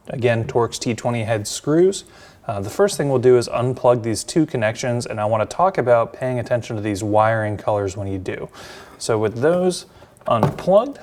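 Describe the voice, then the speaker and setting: A man giving a relaxed step-by-step installation demonstration in a workshop, talking as he works with plenty of ums and uhs. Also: mid-range voice. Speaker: installation instructor.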